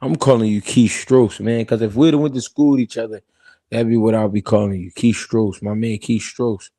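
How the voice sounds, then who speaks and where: A man hosts a live-stream boxing talk show, arguing heatedly and animatedly while addressing his chat. His voice is on the low side and he talks at normal speed. The studio sound is clean, with no echo.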